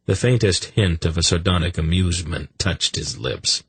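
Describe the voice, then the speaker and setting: A male narrator reads an audiobook in a slow, measured, dramatic voice. His tone is very low and gravelly, with a raspy, husky grain and a lively rise and fall. The recording is dry and close. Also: dry recording. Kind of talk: scripted narration.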